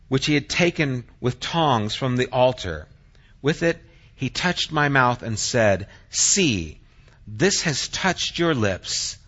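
Slow bright-voiced male preacher. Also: mid-range voice, lo-fi sound. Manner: dramatic scripture reading, then quiet earnest preaching. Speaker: pastor. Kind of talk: sermon.

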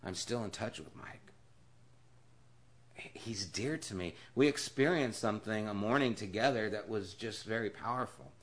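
A man giving a conversational sermon as a pastor. He talks like he is telling a story to friends. His voice sinks to a hush, then climbs loud and emphatic. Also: normal speed. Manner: storytelling, swinging from hushed and low to loud and emphatic. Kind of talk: conversational Bible-study sermon.

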